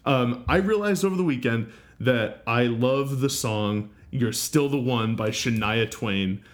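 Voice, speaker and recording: A man's voice: mid-range voice, measured pace. A young man from New Hampshire co-hosting a music podcast, chatting casually with jokey, rambling tangents. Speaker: podcast co-host. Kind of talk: casual chat.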